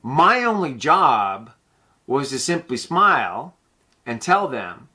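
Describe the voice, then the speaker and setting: A man host telling a personal story in a casual, blunt way, swearing freely and slowing down to stress his points. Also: medium pitch, big pitch swings, pushed and bright. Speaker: podcast host.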